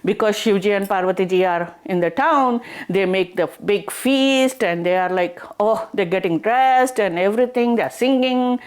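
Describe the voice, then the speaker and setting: A woman's voice: mid-range voice, normal speed, hardly any pauses, clear, resonant tone. Chatty woman telling a folk tale. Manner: chatty, animated, many fillers like "she's like". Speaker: storyteller. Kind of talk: casual oral storytelling.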